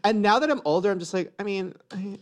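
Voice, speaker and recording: A man's voice: sits high, quick pace. A man co-hosting a casual podcast chat, joking and swearing in a chatty way. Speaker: podcast co-host.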